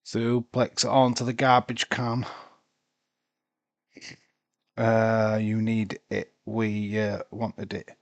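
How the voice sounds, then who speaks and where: A man's voice: fairly low pitch, monotone, takes it slowly, creaky, no echo. A sleepy, tired man commentating a live wrestling watch-along, rambling and talking to himself. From United Kingdom.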